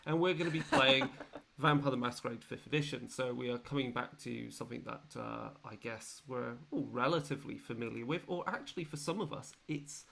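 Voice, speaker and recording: A man's voice: medium pitch, brisk, vocal fry, fairly bright tone, a little hiss or hum. A man hosting as game master, introducing his players and the tabletop game in a chatty, rambling way with many fillers.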